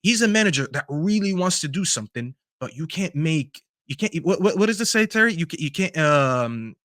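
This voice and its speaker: A man co-hosting a football podcast, giving strong opinions in a casual, animated debate. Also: fairly high pitch, fairly quick, dry recording, clean studio sound. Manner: opinionated, animated, talks over hesitations.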